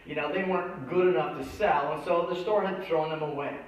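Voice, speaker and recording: A man's voice: a little high, a little fast. Echoey distant man preaching a story. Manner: animated storyteller acting out voices. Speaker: pastor. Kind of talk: sermon with storytelling. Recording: echoey church hall from a distance, dull sound.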